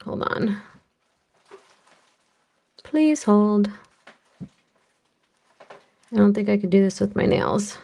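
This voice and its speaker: A woman with an American accent running a live-stream jewelry auction, chatty and unhurried as she calls bids and describes each piece. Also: medium pitch, expressive, gravelly, warm tone.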